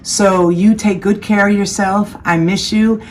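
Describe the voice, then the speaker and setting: A woman's voice: mid-range voice, steady tone, a little slow, slight background noise. A woman teacher giving heartfelt praise to her graduates over a video call. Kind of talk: speech to graduates.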